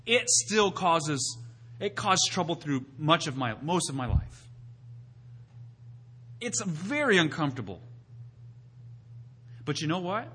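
Male preacher, bright, tense tone, emphatic, asks rhetorical questions. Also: a little high, big pitch swings, slow, long pauses, breathy edge. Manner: builds to loud emphatic peaks, then drops to quiet teaching. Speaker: pastor. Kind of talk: sermon.

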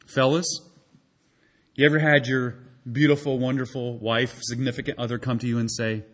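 A man preaching a sermon, animated and acting out the voices in the story. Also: medium pitch, normal speed. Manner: animated, acts out quoted voices. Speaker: pastor.

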